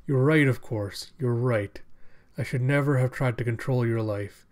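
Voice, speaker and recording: Brooding older hunter-doctor, voiced by a male reader, plain quiet delivery. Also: medium pitch, normal speed, natural voice. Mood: grave.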